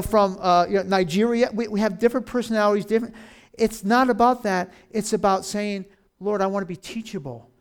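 Folksy high-voiced older preacher. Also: male voice. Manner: folksy, jokey, acts out voices, laughs often. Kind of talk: casual sermon.

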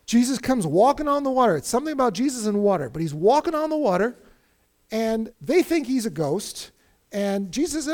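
With an extremely high pitch and a slightly quick delivery, a middle-aged pastor preaches. He brings his stories to life energetically, voicing each person he quotes.

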